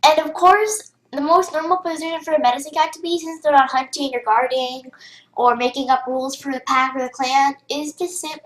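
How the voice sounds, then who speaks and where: A young girl's female voice sits high, steady in tone and brisk, as she chats and rambles through a casual game tutorial on screen, restarting often and using many fillers. Keyboard typing can be heard, and the low-quality recording is reverberant.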